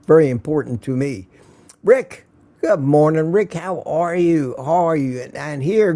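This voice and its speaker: A man's voice: fairly high pitch, dark tone. Chatty man hosting a morning livestream. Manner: chatty, jokey, reads out viewer comments. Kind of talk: casual chat greeting live viewers. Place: home studio.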